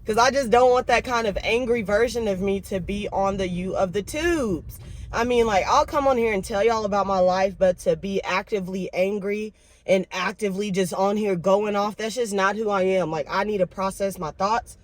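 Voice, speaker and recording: A young woman vlogging casually to camera, telling her week in an expressive, venting way. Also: mid-range voice, moderate pace. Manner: expressive, venting, lively storytelling. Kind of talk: casual vlog talk to camera.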